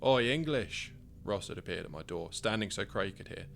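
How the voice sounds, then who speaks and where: A man reads his own first-person story aloud in a wry, conversational manner. His voice is low and gravelly. A faint hum sits in the background. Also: steady tone, fairly quick, a bit bright. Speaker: author narrating his story.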